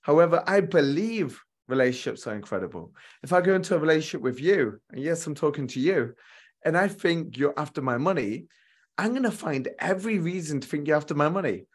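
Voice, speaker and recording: A man's voice: a little high, expressive, a little fast. Earnest male relationship coach. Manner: earnest, repeats key lines for emphasis. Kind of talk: motivational coaching talk to viewers.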